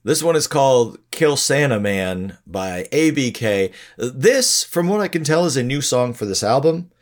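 A man's voice: medium pitch, very animated, a little slow. A man co-hosting a podcast, chatting casually about songs in a laid-back, chuckling way. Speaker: podcast co-host. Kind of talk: casual music review chat.

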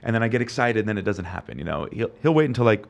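A man, a music producer, chatting as a guest on a talk show, telling relaxed stories and quoting others. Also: fairly low pitch, racing, vocal fry. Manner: relaxed storytelling, quotes people in asides. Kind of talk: casual talk-show chat.

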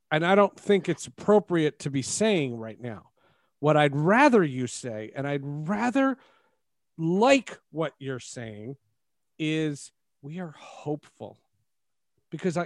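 A man's voice: a little high, no echo, clean studio sound. A man co-hosting a sports podcast, rambling and emphatic. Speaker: podcast co-host. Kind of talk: casual sports chat.

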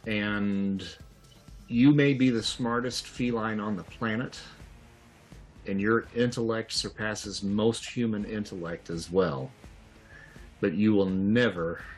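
A man narrates a tabletop game as its game master, taking his time. His voice sits on the low side and he laughs easily. Faint music plays in the background. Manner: unhurried, laughs often.

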